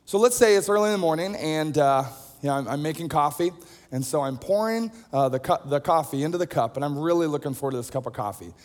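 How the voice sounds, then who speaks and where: A man's voice: a little high, animated, quick pace. Preacher man in an echoing hall. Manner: conversational storytelling with self-deprecating humor. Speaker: pastor. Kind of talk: sermon. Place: large auditorium. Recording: long hall reverb.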